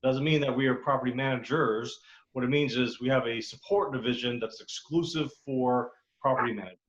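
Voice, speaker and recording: A man pitching his restoration company on a video call, in a plain salesy way with some fillers. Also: steady tone, a little fast, noisy background. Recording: dull lo-fi video call audio.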